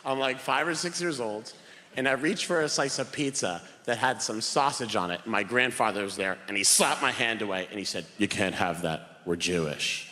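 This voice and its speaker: A man in his thirties doing a stand-up comedy set on a theater stage, telling animated stories and shouting punchlines in put-on voices. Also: medium pitch, brisk. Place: theater stage before a laughing audience. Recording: live hall reverb, faint noise.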